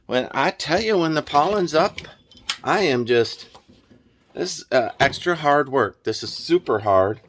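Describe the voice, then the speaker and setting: A man with a fairly high, lively voice speaks unhurriedly as he fixes a trailer tire outdoors on rural land. His casual DIY vlog rambles in a folksy way, with chuckling asides and shortness of breath; the tone is a bit bright, with a little hiss or hum.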